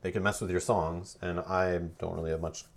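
A man with a fairly low voice hosts a live board game stream. He chats loosely, laughs with the other players and walks them through the rules. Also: little pitch movement, a little fast, gravelly. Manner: chatty, explains rules, jokes and laughs with players. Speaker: host running a board game playthrough.

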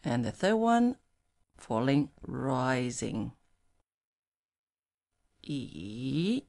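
A woman whose first language is Mandarin Chinese, teaching pinyin in English and slowly modelling tones for the learner to repeat. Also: deep voice, very animated, darkish tone. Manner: slow, clearly modelled syllables. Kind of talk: language lesson with tone drills.

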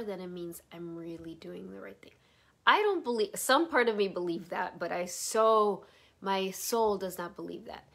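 Middle-aged woman, spiritual teacher, soft meandering delivery with whispered asides. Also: medium pitch, husky. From Chicago area. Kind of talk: guided spiritual talk.

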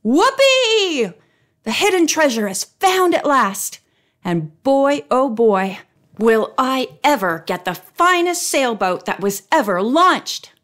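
A woman voicing an excited teenage boy who whoops with eager delight. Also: high-pitched, slow, full character voice. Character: excited boy Jimmy, young teen.

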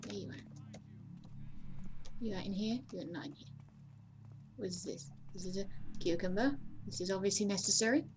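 A woman hosting a let's play, talking casually and mocking herself, with sudden high exclamations. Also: moderate pace, pauses often, noisy background. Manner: chatty, self-mocking, bursts into high exclamations. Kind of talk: casual gameplay commentary.

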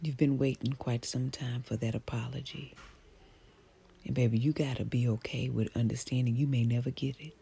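A middle-aged woman giving a gentle, affectionate motivational talk to the camera, soft-spoken and often dropping to a whisper, with folksy phrasing and endearments like honey and baby. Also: a bass voice, steady tone, normal speed, gravelly, husky. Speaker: social media personality.

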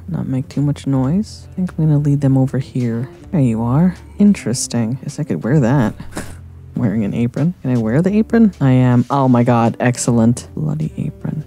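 A man's voice: medium pitch, moderate pace, mellow, faint music behind. A man commenting on his own gameplay with frequent swearing, talking back at the enemies on screen. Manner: profane, talks to the zombies on screen. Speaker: gaming video creator. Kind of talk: let's play commentary.

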